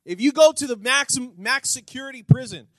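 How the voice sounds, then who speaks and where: A man pastor preaching a sermon, animated, asking the congregation rhetorical questions and acting out little scenes. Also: very high-pitched, fairly quick, no room sound, rough recording.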